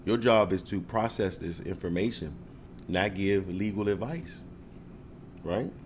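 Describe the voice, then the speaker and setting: A man talks casually to the camera, animated and joking, acting out confrontations with mock questions. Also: sits low, measured pace, a little hiss or hum. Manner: animated, joking, mock-confrontational role-play with frequent laughs. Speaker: speaker giving advice to viewers.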